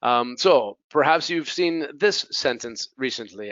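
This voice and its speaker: A man with an American accent teaching English pronunciation to Spanish speakers, repeating words slowly to drill the sounds. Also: mid-range voice, expressive, a bit bright, dry recording, muffled recording. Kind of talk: bilingual pronunciation lesson.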